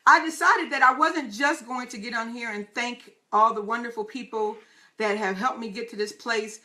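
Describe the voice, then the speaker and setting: A woman host with a high, ringing voice and a sharp, bright edge. She talks to her listeners in an excitable, hyped, chatty way on her live talk show. She addresses them as y'all.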